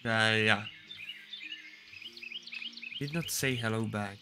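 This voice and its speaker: A man's voice: fairly low pitch, steady tone, a little slow, pauses often, music in the background. A young man streaming a game, chatting casually with crude jokes and frequent laughter. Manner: joking, crude, laughs often. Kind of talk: casual gaming stream chat.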